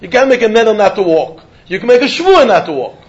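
A man teaching a Talmud lesson, mixing English with Yiddish and Hebrew terms in an animated, sing-song line of reasoning. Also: high voice, fast talker. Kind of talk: Talmud study lecture. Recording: dull lo-fi recording.

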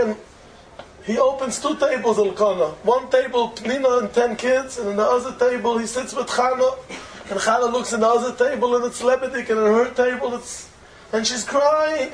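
A man's voice: extremely high pitch, slight background noise, low-quality recording. A man giving a storytelling Torah lecture who explains as he goes, repeats key phrases and asks rhetorical questions. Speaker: Torah teacher.

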